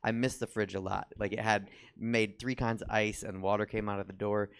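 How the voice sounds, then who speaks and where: A man with a low, gravelly voice performs stand-up comedy. His delivery is rambling and self-mocking, and he slips into acted quotes as the story goes on. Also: little pitch movement, normal speed. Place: comedy theater stage.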